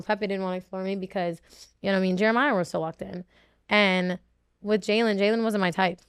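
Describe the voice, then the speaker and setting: A young adult woman speaks as a podcast guest in a smooth, resonant voice. She talks candidly and emotionally, rambling with frequent restarts. The recording is dry and close. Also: mid-range voice, no room sound. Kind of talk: candid interview talk.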